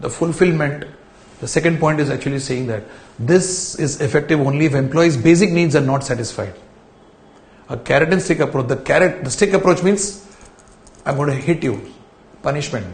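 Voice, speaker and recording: A male lecturer explains ideas to a class. His voice sits a little high for a man. He repeats words and tells students to underline terms, and the room gives his voice a strong echo. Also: brisk.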